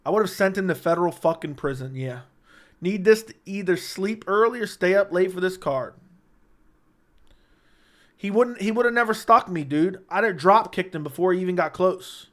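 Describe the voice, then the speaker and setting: A young man with a slightly high-pitched voice hosts a late-night livestream. He talks in loose, brash banter, swearing freely and joking with his chat. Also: normal speed. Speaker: livestream host.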